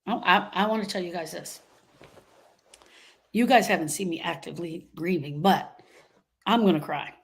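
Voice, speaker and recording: Woman grief coach going live, breathy voice, keeps repeating herself for emphasis. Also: lowish voice, normal speed, pauses often. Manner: emphatic, repeats phrases, acts out quoted voices. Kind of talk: motivational live talk.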